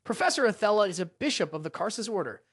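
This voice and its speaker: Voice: medium pitch, very animated, fast, breathy edge, no room sound, studio quality. Know-it-all young male student, read by a narrator, proud, explanatory.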